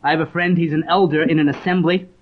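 Male preacher, fairly high voice, earnest storyteller, lo-fi sermon tape. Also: steady tone, quick pace. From Leeds, northern England. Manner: earnest storytelling, reads scripture aloud. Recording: dull lo-fi recording.

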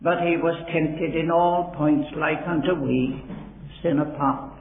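A man delivers a sermon at an unhurried pace, his somewhat high voice rising in earnest emphasis. The recording is echoey and narrow-band, like an old tinny tape from a large hall. Faint background noise sits under the voice. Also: fairly even intonation, gravelly. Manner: slow, earnest Bible exposition with rising dramatic emphasis. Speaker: preacher.

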